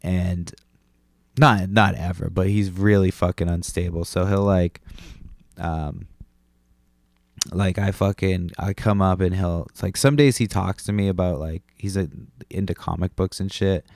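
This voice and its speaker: Low gravelly man rambling casually. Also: steady tone, measured pace, a little mellow, no room sound. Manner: rambling, profane, lots of likes and restarts. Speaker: podcast host. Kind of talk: casual solo podcast rambling.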